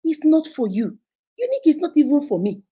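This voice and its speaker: This Nigerian host of a casual live advice chat has a high, mellow voice with huge pitch swings and speaks a little fast. She acts out phone calls animatedly, laughing often.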